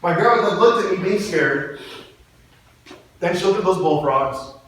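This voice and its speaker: High-voiced man in an echoing hall. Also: a little slow, a bit bright. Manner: playful, self-mocking, laughs often. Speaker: public speaker. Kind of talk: storytelling motivational speech. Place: hall with an audience. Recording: echoey hall, mic far off.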